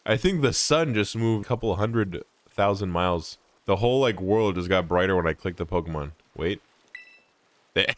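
A young man giving jokey, animated let's play commentary, often breaking into laughs. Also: deep voice, moderate pace. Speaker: gaming YouTuber.

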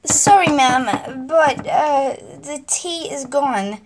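A woman voicing a timid female maid who stammers and apologizes quietly. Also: high-pitched, extremely slow, background noise. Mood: nervous.

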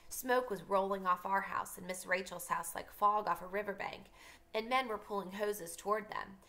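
A woman teacher reading a novel aloud for her class, pausing to explain passages to students. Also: medium pitch, steady tone, vocal fry, pushed and bright.

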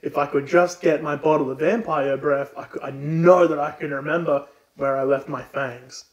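A man's voice: a little high, fairly even intonation, moderate pace, lo-fi sound, natural voice. Man doing a forgetful old vampire count. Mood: rambling. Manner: bumbling, theatrical. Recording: roomy echo.

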